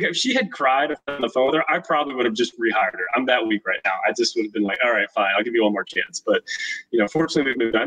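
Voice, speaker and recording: A young man telling stories as a guest in a casual interview, animated and acting out the voices of people in his stories. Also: medium pitch, distant mic, low-quality recording. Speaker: podcast guest, short-term rental host.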